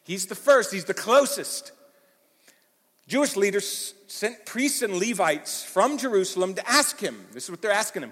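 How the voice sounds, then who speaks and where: A man preaching a sermon as pastor, animated and emphatic, swinging from loud bursts to hushed lines, with a conversational manner and fillers. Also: high voice, moderate pace. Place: church hall. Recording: long hall reverb.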